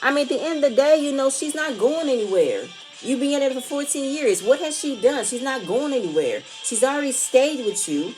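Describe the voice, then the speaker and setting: A woman's voice: high-pitched, expressive, brisk, hardly any pauses, darkish tone, soft background music. A young woman giving casual commentary on a reality show, rambling and restarting phrases, emphatic and opinionated. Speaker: reality TV recap vlogger.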